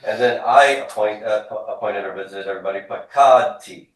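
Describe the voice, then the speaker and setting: A man with a somewhat low voice teaches a class, explaining step by step and drilling forms aloud. He is heard from across a very echoey room. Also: fairly even intonation, quick pace, recorded from a distance. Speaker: Hebrew instructor. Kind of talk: classroom lecture.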